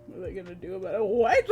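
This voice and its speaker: Soft music plays behind a streamer with a mid-range voice who casually goes over a tabletop session. The chatter rambles with energy, dotted with fast quoted voices for the characters.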